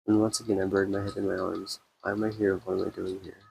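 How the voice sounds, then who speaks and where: A man streaming a game, reading its text aloud in a subdued way and breaking off for quick comments. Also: sits low, flat delivery, gravelly, darkish tone, a little hiss or hum, rough recording.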